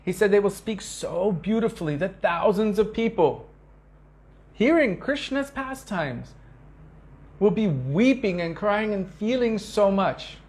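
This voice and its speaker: A man's voice: lively intonation, unhurried. A man giving an earnest devotional talk to disciples, telling stories with emphatic repetition and acting out quoted speech. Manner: acts out quoted speech with sharp pitch shifts. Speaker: spiritual teacher.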